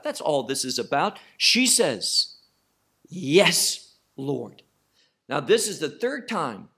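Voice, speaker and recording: A man teaches verse by verse through a Bible passage, slow and emphatic, posing questions and answering them himself. His voice is a little high, with a bright, forceful tone.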